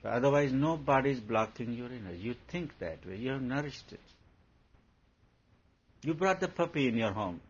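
Husky male spiritual teacher, rhetorical and playfully storytelling, dull lo-fi recording. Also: medium pitch, expressive, moderate pace, pauses often. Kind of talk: spiritual discourse to followers.

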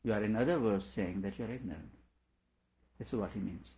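A male teacher giving an explanatory lecture on a scripture, repeating each question aloud before patiently explaining it, with quiet chuckles along the way. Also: lowish voice, a little fast. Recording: dull lo-fi recording.

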